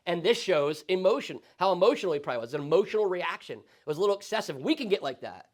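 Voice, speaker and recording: A male pastor teaching a Sunday school Bible study in a conversational, animated way, often checking in with the class. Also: high voice, quick pace, hardly any pauses. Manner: conversational, animated, frequent tag questions.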